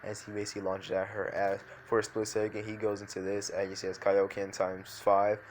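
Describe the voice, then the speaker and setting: Male narrator, lowish voice, loose off-the-cuff storytelling full of fillers. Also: completely flat delivery, a little fast, slight background noise. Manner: rambling, filler-heavy, frequent restarts. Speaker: fan fiction storyteller.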